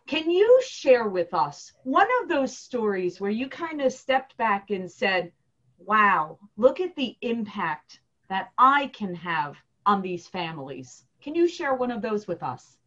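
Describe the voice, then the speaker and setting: A woman's voice: mid-range voice, sing-song, takes it slowly, a bit bright. A woman hosting an interview, asking her guest questions in an encouraging, upbeat way. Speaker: interview host. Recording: dull lo-fi sound.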